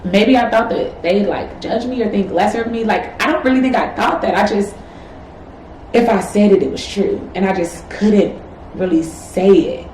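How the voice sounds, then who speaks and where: A woman's voice: medium pitch, moderate pace, darkish tone, slight background noise. A woman in her twenties, a medical student, talking candidly and reflectively in a personal vlog, encouraging herself with casual fillers. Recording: echoey room with faint ambience.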